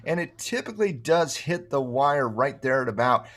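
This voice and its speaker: A man's voice: mid-range voice, expressive, normal speed, a bit bright. A man co-hosting a live market show, enthusiastic and rambling as he promotes a daily podcast. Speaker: co-host. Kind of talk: casual promo chat.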